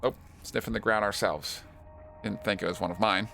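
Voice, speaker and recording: A man's voice: on the low side, fairly even intonation, normal speed, creaky, sharp tone, soft background music. Man putting on a sly cowboy gang boss. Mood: folksy, gruff. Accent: put-on American cowboy drawl. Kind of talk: reading game dialogue aloud in a voice.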